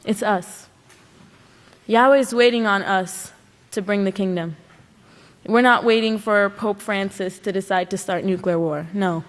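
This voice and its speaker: A woman's voice: mid-range voice, steady tone, moderate pace. A woman giving an earnest sermon at a religious service, pressing her points with rhetorical questions. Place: large worship hall. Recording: long hall reverb.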